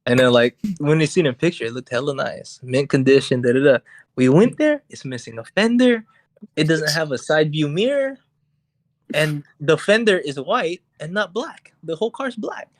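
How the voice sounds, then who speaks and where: A young man co-hosting a podcast, telling a story in a casual, animated, profane way and acting out what people said. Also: a little high, normal speed, no room sound. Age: young adult. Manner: animated, profane, acts out quotes. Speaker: podcast co-host. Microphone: podcast mic on voice chat.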